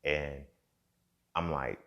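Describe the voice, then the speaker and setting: This podcast host is a young man with an extremely deep voice, delivered very slowly with fairly even intonation and a bright, forceful tone, though the audio sounds dull. He muses conversationally, repeating points and often asking "you feel me."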